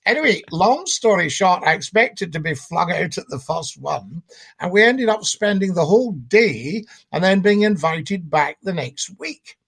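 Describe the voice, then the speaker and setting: A man's voice: high voice, expressive, unhurried, gravelly, a bit bright, husky. An older man from Scotland, a guest on a podcast, telling comic stories with a theatrical, jokey manner. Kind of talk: comic storytelling chat.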